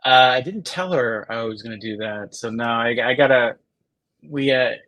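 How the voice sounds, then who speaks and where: A man's voice: mid-range voice, moderate pace, fairly bright tone, low-quality recording. A man co-hosting a podcast while on vacation, answering in short, easygoing bits of agreement. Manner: easygoing, brief agreeing replies. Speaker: podcast co-host. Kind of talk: casual podcast chat. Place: small cruise ship on vacation.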